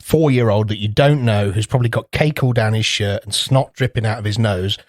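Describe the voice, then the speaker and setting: A man's voice: fairly low pitch, a little fast, no room sound, studio quality. A man co-hosting a podcast in casual chat, rambling through anecdotes, swearing freely and acting out little voices. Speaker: podcast co-host.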